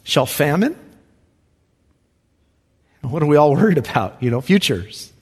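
A male pastor delivers a sermon in a fairly high voice. He preaches emphatically, pushing his voice up loud and then sinking to a near hush. The sound rings with the long reverb of a large church hall. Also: sing-song, measured pace, breathy edge. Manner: emphatic, swinging from loud rises to hushed drops.

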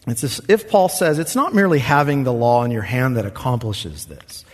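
A man's voice: mid-range voice, sing-song, a little fast, few pauses, slightly rough, long reverb tail. A man preaching a sermon as pastor, earnest and conversational, acting out quoted voices as he goes.

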